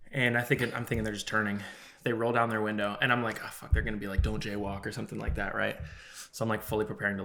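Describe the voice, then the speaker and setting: Bright-voiced young man telling a story. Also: lowish voice. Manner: animated storyteller, acts out quotes, swears often. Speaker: podcast co-host. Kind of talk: casual chat, storytelling.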